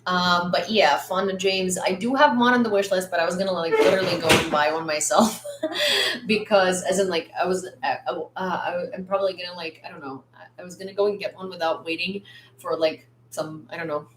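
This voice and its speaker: A woman hosts a casual news livestream from a room in her home, chatty and full of fillers, turning blunt when she lectures. Her voice is fairly low and a little fast, with background noise and a roomy echo.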